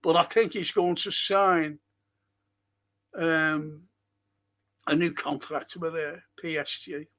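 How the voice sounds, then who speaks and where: An older man from Liverpool with a strong Scouse accent hosts a casual live-stream chat. His voice sits high, and he rants with passion, jumping between loud bursts and low mutters as he reads out viewer messages. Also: fairly even intonation, takes it slowly, long pauses. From Liverpool, England. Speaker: podcast host reading chat.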